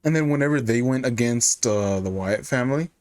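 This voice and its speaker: A man's voice: mid-range voice, fairly quick, dry recording. A man hosting a casual podcast chat, laid-back, laughing often and calling his guest dude.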